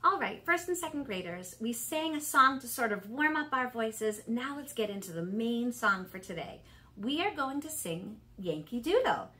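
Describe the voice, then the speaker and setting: A middle-aged woman teaching an online music lesson to young children, encouraging and clear. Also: a little high. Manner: bright, encouraging, speaks slowly and clearly to kids.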